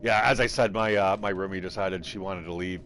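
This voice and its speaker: Male streamer, low voice, loose rambling commentary with frequent swearing. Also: fairly even intonation, brisk, fairly bright tone, slight background noise. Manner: rambling, swears freely, thinks aloud. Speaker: game streamer. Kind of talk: casual live-stream commentary.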